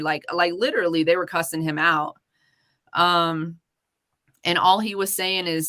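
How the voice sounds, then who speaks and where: Woman host ranting on a livestream, swears a lot, bright tense voice, lowish. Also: steady tone, moderate pace. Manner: heated, swearing rant. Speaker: podcast host. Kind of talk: live-stream talk show.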